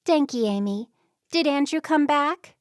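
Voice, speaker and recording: A woman doing a high, pleading young Amish girl. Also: animated, a little slow, no room sound, clean studio sound. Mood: upset.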